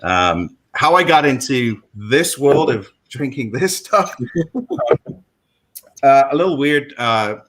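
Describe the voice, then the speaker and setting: A man's voice: medium pitch, expressive, takes it slowly, a bit bright, poor audio. A middle-aged man with a London accent, telling his story as a guest in a casual chat, rambling with many fillers and restarts. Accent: London English. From England.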